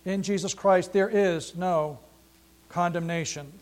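A man's voice: high voice, steady tone, unhurried, a little mellow. A man pastor reading scripture aloud and preaching an earnest, emphatic sermon that repeats its key phrases.

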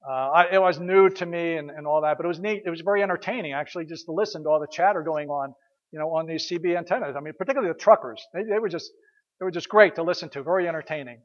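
A man's voice: a little high, racing, dull audio. A man preaching a conversational sermon as pastor, telling stories, repeating his words and asking rhetorical questions.

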